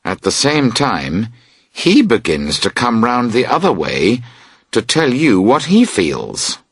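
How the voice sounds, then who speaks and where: Man, storybook narration, slow, husky, lively pitch, dry close sound. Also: no echo. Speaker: audiobook narrator. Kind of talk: scripted narration of a graded reader.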